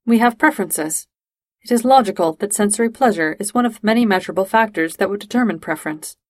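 A woman voicing a calm, formal, logical male alien officer who speaks precisely and without emotion. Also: mid-range voice, fast talker, dry recording, studio quality, natural voice. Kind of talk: fan-fiction audiobook reading.

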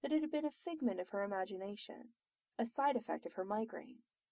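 A woman reading fiction aloud with expressive storytelling narration. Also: mid-range voice, fairly quick, creaky, dry recording, clean studio sound. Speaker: reader.

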